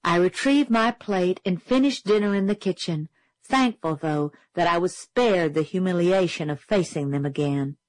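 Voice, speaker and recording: A woman reading a novel aloud as an audiobook narrator, steady and clear. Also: on the low side, normal speed, no echo, low-quality recording. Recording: dry close studio sound.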